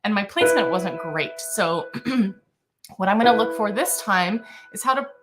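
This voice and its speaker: Over music, a woman coaching singers on a live stream keeps a moderate pace, her talk easygoing and filler-heavy. Now and then she breaks into high vocal exercises.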